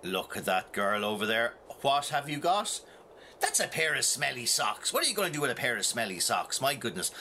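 A man's voice: mid-range voice, fairly quick, a little hiss or hum. A man with a Northern Irish accent telling a folk tale to children, playful and talking straight to his audience. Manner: animated, playful, talks to the audience. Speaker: storyteller. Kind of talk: storytelling to children.

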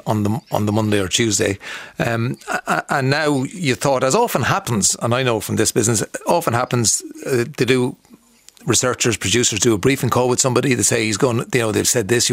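A man hosts a radio talk show, easing into questions in a loose conversational manner. His pitch sits mid-range, and the studio sound is dry. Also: creaky, a bit bright, no room sound. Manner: conversational, prompting with questions, hesitant fillers. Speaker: radio host. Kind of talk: radio interview.

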